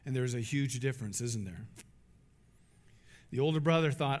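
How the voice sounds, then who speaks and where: A man's voice: medium pitch, normal speed, pauses often, a little mellow, long reverb tail. A man preaching a sermon, emphatic, asking rhetorical questions and acting out quotes. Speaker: pastor.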